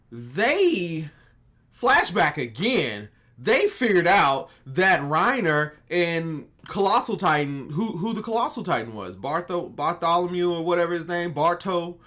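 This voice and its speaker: Brief: male anime reviewer, bright, fairly high voice, rambling and animated. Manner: rambling, animated, laughs often. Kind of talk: casual episode recap.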